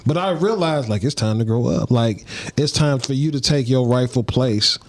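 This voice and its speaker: A man, a comedian guest on a podcast, telling personal stories in casual, lively chat. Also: mid-range voice, normal speed. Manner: animated storyteller, acts out phone call voices.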